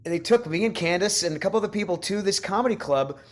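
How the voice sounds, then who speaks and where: A man, an actor who is a guest on a podcast, recalling past work in a reflective, soft-spoken way, with stammered restarts. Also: high voice, fast. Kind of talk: casual chat.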